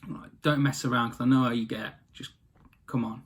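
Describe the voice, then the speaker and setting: A stern, broke father speaks, blunt and nagging as he sorts out his useless son. A man puts him on in an everyday voice, pitched mid-range. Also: fairly even intonation, a little fast, slightly rough, close to an everyday voice.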